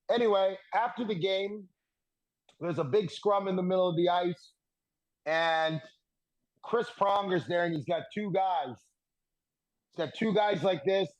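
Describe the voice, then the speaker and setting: Animated man telling a locker-room story. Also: sits high, unhurried, long pauses, rough recording. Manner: animated, laughs through punchlines. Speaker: podcast guest, former hockey defenseman. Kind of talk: casual storytelling.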